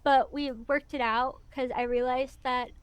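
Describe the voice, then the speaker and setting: A woman with a Missouri accent talks as an interview guest in a chatty, rambling way. Her voice sits fairly high, and she sounds animated. The sound is dry and close, with no room echo. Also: measured pace, clean tone. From US Midwest. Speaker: guest VTuber. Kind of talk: casual interview chat.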